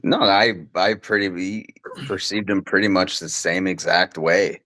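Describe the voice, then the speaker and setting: A man's voice: sits low, fairly even intonation, a little slow, pushed and bright, no room sound. A young man co-hosting a casual podcast, laid-back and swearing easily. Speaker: podcast co-host. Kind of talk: casual chat.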